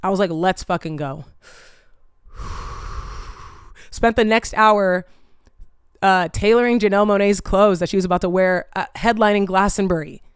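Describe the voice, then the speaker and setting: A woman hosting her own vlog, telling a story in a casual, animated way, swearing freely and saying "like" a lot. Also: mid-range voice, measured pace, long pauses, clean tone, no echo, studio quality. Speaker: vlog host.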